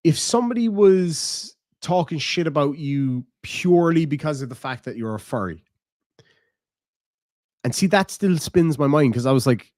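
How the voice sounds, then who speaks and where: This Irish streamer has a fairly high, darkish voice with lively intonation at a normal speed, recorded dry in studio quality. Reading his chat live, he answers bluntly and casually, swears a lot, and laughs easily.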